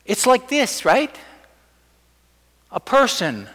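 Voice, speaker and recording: A man's voice: very high voice, huge pitch swings, takes it slowly, fairly bright tone. A man preaching a sermon as pastor, conversational, often acting out little scenes in quoted voices. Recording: long church hall reverb.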